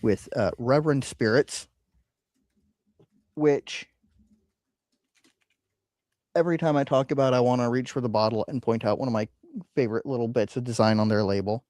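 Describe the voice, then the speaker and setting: A man's voice: mid-range voice, fairly even intonation, a little fast, a little mellow, dry recording. A man hosting a casual whiskey podcast, rambling with frequent ums and uhs. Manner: rambling, hesitant with many fillers. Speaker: podcast host. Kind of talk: casual chat.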